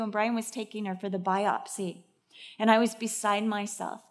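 Woman, middle-aged, preaching a sermon, animated storyteller, acts out voices. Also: mid-range voice, normal speed.

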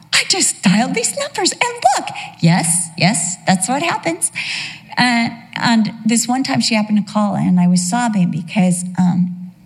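A woman's voice: on the low side, a little mellow. A middle-aged woman preaching a sermon, telling a personal story in an emotional, emphatic way. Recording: long hall reverb.

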